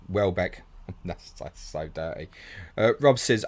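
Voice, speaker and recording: A man hosting a live fantasy football stream answers viewer questions one after another, bluntly and matily, calling everyone mate. His voice sits low with a darkish tone, expressive but slow, with long pauses.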